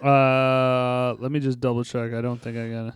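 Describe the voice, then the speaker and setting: A man's voice: medium pitch, flat delivery, moderate pace, smooth, dry recording, clean studio sound. A man co-hosting a podcast, chatting casually and profanely about a movie and retelling its scenes. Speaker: podcast co-host. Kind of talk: casual movie review chat.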